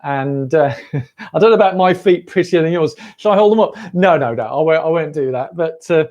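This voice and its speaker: A man's voice: a little high, normal speed, darkish tone, lo-fi sound. A middle-aged man hosting a casual livestream, chatty and jokey, talking straight to his viewers. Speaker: running channel host. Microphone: camera on a livestream.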